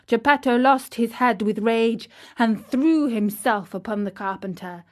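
A woman reads a children's story aloud in a measured, expressive way. Her voice sits fairly high, and she takes the words at an unhurried pace. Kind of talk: scripted storybook narration for children.

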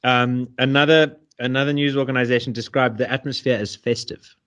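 A man's voice: medium pitch, fairly even intonation, a little fast, a bit bright. A man co-hosting a podcast, rambling and joking with stammering restarts. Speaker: podcast co-host. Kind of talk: casual political chat.

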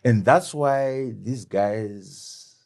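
Speaking extremely slowly in a mid-range, darkish voice, a middle-aged man from Zimbabwe, once its deputy prime minister, is the guest in an animated political interview. He stays emphatic and fond of rhetorical questions.

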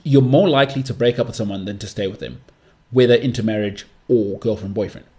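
A man's voice: lowish voice, fast, warm tone. A young man hosting a solo podcast, talking in a chatty, rambling way with mocking asides. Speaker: podcast host.

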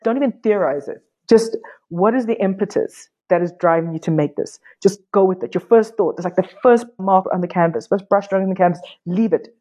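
A woman artist, a podcast guest, telling stories frankly and casually, swearing and quoting others in lively voices. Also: medium pitch, brisk. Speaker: artist and workshop teacher, guest. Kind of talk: candid conversational storytelling.

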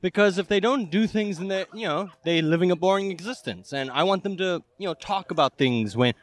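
A man's voice: high voice, a little fast. A man in his early twenties from Cape Town, answering interview questions outdoors at a skate park in an easygoing, hesitant way with many ums. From Cape Town, South Africa. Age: early 20s. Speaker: interview guest. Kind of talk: casual street interview. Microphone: handheld microphone.

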